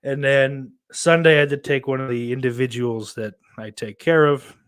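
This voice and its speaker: A man's voice: mid-range voice, steady tone, normal speed, fairly bright tone, smooth. A man hosting his own podcast, chatting casually and reading out viewer comments, rambling, swearing often and mocking himself. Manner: rambling and heavily profane, self-mocking. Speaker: podcast host.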